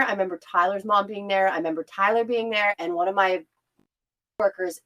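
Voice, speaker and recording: A woman's voice: medium pitch, a bit bright, rough recording. A young woman co-hosting a podcast, telling a story in casual chat, candid and swearing freely with bursts of laughter. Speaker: podcast co-host.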